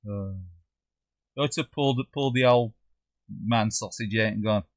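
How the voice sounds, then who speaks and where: A man's voice: lowish voice, unhurried, long pauses, dry recording. A man with a Black Country accent, chatting casually with viewers while he plays a game on a livestream, trailing off and joking as he goes. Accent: Black Country English. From English Midlands. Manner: chatty, swears, drops into funny quoted voices. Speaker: livestream gamer. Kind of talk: casual chat while gaming, reading live chat.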